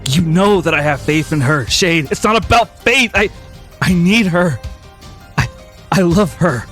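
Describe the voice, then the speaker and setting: A man voicing a desperate young man who pleads and shouts to reach the woman he loves. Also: on the high side, animated, normal speed, soft background music, pitched above the performer's own voice. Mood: pained.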